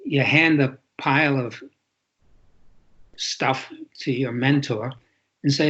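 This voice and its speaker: A man's voice: mid-range voice, slow pace, pauses often, fairly bright tone. An older man, a guest author, telling reflective stories in a podcast interview and often restarting his sentences. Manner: reflective storytelling with frequent restarts. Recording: dull lo-fi sound.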